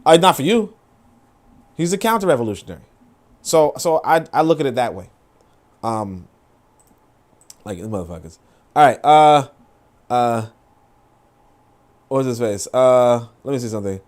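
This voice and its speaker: A man's voice: medium pitch, big pitch swings, normal speed, pauses often, darkish tone. A man hosting a podcast, ranting in casual, profane commentary with lots of fillers as he reacts to posts. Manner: profane, rambling rant with many fillers. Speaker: podcast host.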